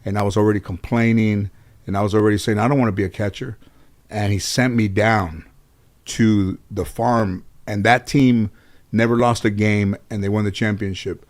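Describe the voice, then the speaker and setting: A man from Los Angeles telling stories from his childhood as a guest, animated and casual, swearing freely and restarting his sentences often. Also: fairly low pitch, moderate pace. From Los Angeles, USA. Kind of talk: casual storytelling in a conversation.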